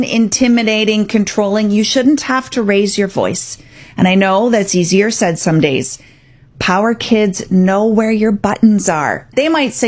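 A woman hosting a radio talk segment as a parenting coach, speaking directly and emphatically. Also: mid-range voice. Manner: direct, emphatic, acts out parent and child quotes.

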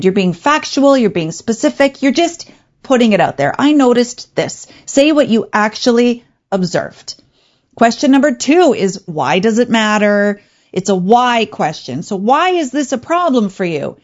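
A woman hosting an advice show, talking in a calm, clear, coaching way. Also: fairly high pitch, a little slow, lo-fi sound. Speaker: radio show host. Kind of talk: advice talk show monologue.

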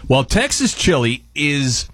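A man's voice: mid-range voice, very animated, slow pace, fairly bright tone, breathy edge, dry recording, clean studio sound. A man in his thirties, a resident chef and co-host, explaining a recipe in a joking, easygoing way. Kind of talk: casual cooking segment chat.

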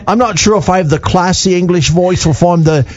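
A man's voice: sits high, fairly quick, a little mellow. A man hosting a radio show with jokey, chuckling banter. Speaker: radio host. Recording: dull dry radio studio.

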